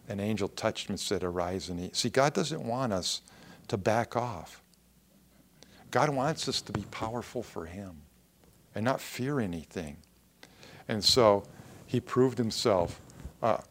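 A man preaching a sermon, reading Bible verses aloud and commenting in plain everyday words, swinging between loud emphatic lines and quiet low asides.

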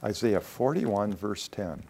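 A man preaching a sermon in an earnest way, slowing down for emphasis and dropping to soft, quiet asides. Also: on the low side, lively intonation, gravelly, slight background noise. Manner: earnest, varies pace, drops to soft asides.

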